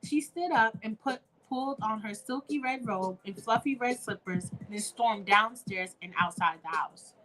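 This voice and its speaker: A woman's voice: on the high side, normal speed, few pauses, pushed and bright, a little hiss or hum, rough recording. Chatty young woman reading a fan story. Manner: chatty, talks to listeners as "y'all". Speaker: storyteller and show host.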